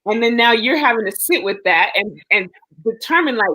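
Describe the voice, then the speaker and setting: A woman's voice: on the high side, expressive, brisk, sharp tone, rough recording. A woman in a casual, supportive chat, talking earnestly and at length to reassure a friend.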